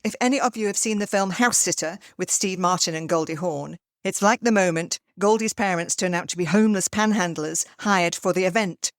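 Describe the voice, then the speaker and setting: An older woman, hosting a podcast and telling a personal story in a lively way. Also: on the low side, fairly quick, few pauses, no room sound, studio quality. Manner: lively storyteller, acts out quoted voices. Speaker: podcast host. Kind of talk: storytelling monologue.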